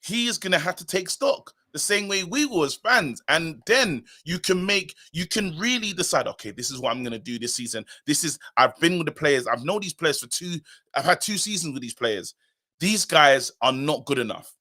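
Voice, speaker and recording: Casting: animated male fan co-host, fairly high, bright voice. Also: normal speed. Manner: animated, emphatic, repeats himself. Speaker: co-host of a football fan show. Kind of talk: casual live-stream chat.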